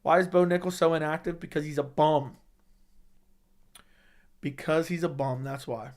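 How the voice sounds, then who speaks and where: A young man hosting a casual livestream, reading viewer comments in a laid-back, low-key way and swearing casually. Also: steady tone, normal speed, a little mellow. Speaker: livestream host reading chat.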